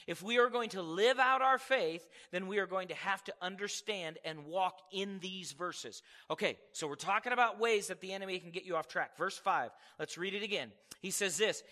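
A man preaching a sermon as pastor, animated and acting out little voices to make his points. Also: high voice, normal speed, long reverb tail. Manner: animated preaching, acts out voices of God and people.

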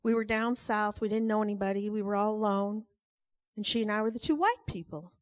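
A woman telling a personal testimony story in a chatty, animated way, acting out the quotes. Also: medium pitch, a little fast, dry recording, studio quality.

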